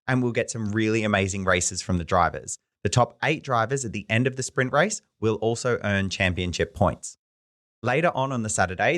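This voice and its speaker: Man reading a measured explainer. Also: on the low side, a bit bright. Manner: measured, informative. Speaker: podcast co-host. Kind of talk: scripted explainer read.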